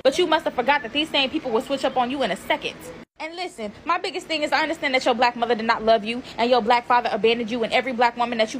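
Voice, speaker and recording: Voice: mid-range voice, a bit bright, slight background noise. A woman in a heated, profane social media callout rant.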